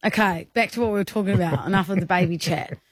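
A woman's voice: lowish voice, fast talker, slightly rough, dry recording. A bubbly, giggly woman co-hosting a radio show, teasing her co-host in casual banter.

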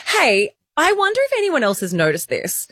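A woman's voice: on the high side, huge pitch swings, normal speed, a bit bright, dry recording, studio quality. A woman in her thirties co-hosting a podcast, chatty and self-mocking, with lots of filler words. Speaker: podcast co-host. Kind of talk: casual chat.

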